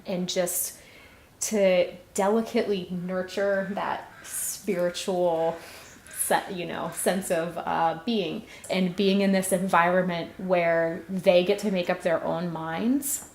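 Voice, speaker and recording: A woman in her thirties giving an earnest personal testimony as a church volunteer, telling her story with soft laughs. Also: on the low side. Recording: roomy, echoey sound.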